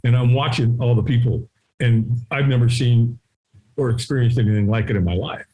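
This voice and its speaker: A middle-aged man telling a story as an interview guest, acting out the voices of people in it and sometimes shouting. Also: mid-range voice, fairly even intonation, normal speed. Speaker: guest, firewalking instructor. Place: his home.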